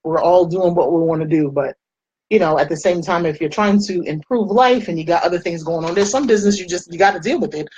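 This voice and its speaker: A young adult woman from the United States chatting casually while doing her makeup, telling stories with lively quoted voices. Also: on the low side, fast, slightly rough, no room sound, low-quality recording. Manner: chatty storytelling, animated quoted voices, frequent laughs. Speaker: makeup vlogger.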